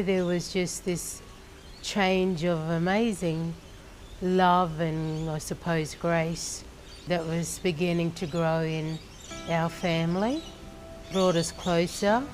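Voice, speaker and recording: An Australian woman in middle age tells her family's faith story at a slow, deliberate pace. Her voice sits a little low and carries earnest warmth. Faint music plays quietly behind her. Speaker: church leader sharing testimony. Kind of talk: personal testimony.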